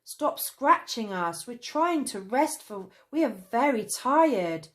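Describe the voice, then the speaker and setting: A woman's voice: on the high side, sing-song, slow pace, pitched above the performer's own voice. A woman voicing a cross, tired young traveller boy who complains indignantly. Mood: annoyed.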